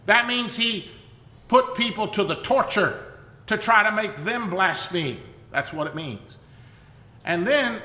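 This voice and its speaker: Bright-voiced male preacher in a hall. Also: sits high. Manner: conversational, emphatic storytelling with asides. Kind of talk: sermon. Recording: echoey hall reverb.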